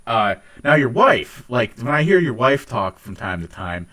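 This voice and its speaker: Very animated and sharp-toned, this young man's mid-range voice keeps a measured pace as he co-hosts a podcast. He's from Ohio, with some Northeastern US traits in his accent, and his casual chat is full of "like"s and restarts.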